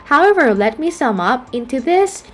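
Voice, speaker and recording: A woman's voice: high-pitched, big pitch swings, moderate pace, a little hiss or hum. A woman who speaks English as a second language, teaching a phonetics lesson and saying each example word twice with care. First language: not English. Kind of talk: slow spoken lesson.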